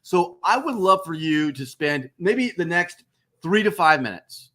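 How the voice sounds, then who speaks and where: A man hosting a business webcast, talking emphatically and repeating words for stress. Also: unhurried. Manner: emphatic, repeats phrases, lively swings in pitch. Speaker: host. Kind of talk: enthusiastic business webcast talk.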